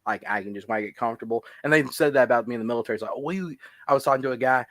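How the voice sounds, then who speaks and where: A man's voice: medium pitch, very fast, fairly bright tone, no room sound. A man with a Southern US accent hosting a stream, joking and laughing through casual banter. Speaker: stream host. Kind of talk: casual chat.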